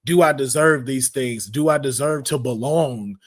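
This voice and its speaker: A man hosts a relaxed podcast chat in a middle-pitched voice. He talks in slangy, animated bursts and slips into playful voices when he quotes people. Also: moderate pace. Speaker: podcast host.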